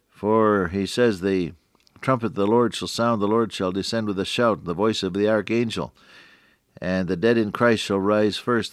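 An older man delivers a radio devotional sermon in a deep, low voice. He preaches earnestly, quoting scripture in old-fashioned wording and rising on key phrases. The recording is dry and close, with no room sound. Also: no room sound.

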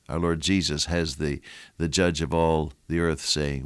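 A man's voice: rumbling low, level tone, measured pace, dry recording, studio quality. An older man preaching a radio sermon, telling stories and exhorting his listeners with earnest repetition.

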